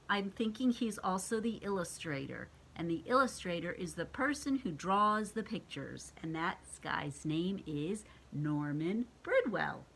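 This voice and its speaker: An older woman reading picture books aloud to her grandchildren, gentle and expressive, asking them questions as she goes. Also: mid-range voice. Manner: gentle and expressive, asking the children questions and acting out animal sounds.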